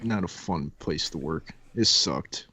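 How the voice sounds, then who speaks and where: A man's voice: low-pitched, expressive, slow, bright, forceful tone, husky, no room sound. A young man guesting on a podcast, telling casual stories and acting out his old coworkers. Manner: laid-back storyteller, acts out coworkers with laughs. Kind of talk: casual chat, storytelling.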